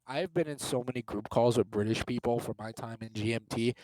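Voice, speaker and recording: A man's voice: medium pitch, fairly quick, darkish tone, dry recording, low-quality recording. A young man chatting casually as a podcast guest, rambling and easily sidetracked. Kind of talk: casual chat.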